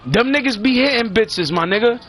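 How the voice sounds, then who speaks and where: A man's voice: extremely high pitch, expressive, brisk, a bit bright, slight background noise. A man delivering a blunt, profanity-heavy rant full of street slang, lecturing his listeners. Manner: blunt, heated, preachy, heavy swearing and slang. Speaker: father ranting on a vlog.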